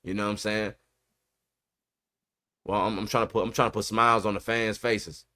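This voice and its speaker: Cocky young quarterback, low and mumbling, smug grin in the voice, as a podcast host puts him on. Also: male voice, level tone, normal speed, sharp tone.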